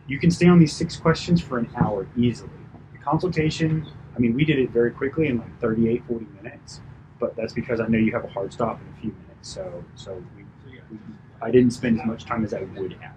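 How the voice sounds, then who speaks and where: A man working as a personal trainer, giving a chatty, animated debrief after a client session, full of fillers and asides. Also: mid-range voice, brisk, dull audio, background noise. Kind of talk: casual coaching debrief.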